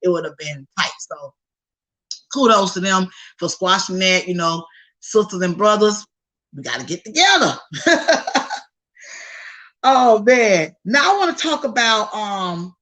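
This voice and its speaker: Woman podcast host with a bright, forward voice, gossiping casually and talking straight to her listeners. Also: mid-range voice, measured pace, pauses often, rough recording. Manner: animated, chatty, slangy asides to listeners. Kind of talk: casual celebrity gossip chat.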